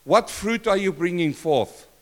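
An older man preaching a sermon in church, questioning the congregation and swinging between loud and soft. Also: high-pitched, expressive, measured pace. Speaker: pastor.

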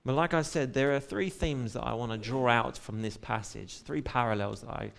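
A man's voice: medium pitch, moderate pace, gravelly, a bit bright. A man preaching a sermon in a church, talking casually, with everyday asides between Bible readings. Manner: conversational, retells scripture with casual asides.

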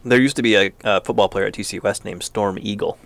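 A man's voice: on the low side, fairly even intonation, fast, a bit bright. A man co-hosting a sports podcast in casual chat, mostly giving short, dry remarks. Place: small podcast studio.

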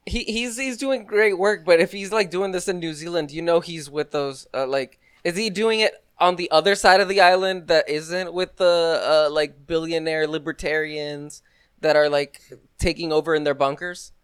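Guy with a high smooth voice, casual chat with buddies, acts stuff out, dry sound. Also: normal speed, no room sound. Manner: animated storyteller, acts out quotes with laughs.

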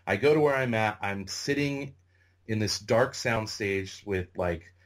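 A middle-aged man from Northern California, a podcast guest telling animated stories and saying "like" constantly. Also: on the low side, a little slow. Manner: animated anecdotes, heavy use of "like". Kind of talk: casual storytelling interview.

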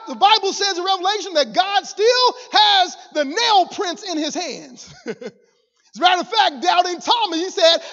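High-voiced fervent woman preacher. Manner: fervent, repetitive, swinging from quiet to shouting. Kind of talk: sermon. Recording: dull lo-fi with long hall reverb.

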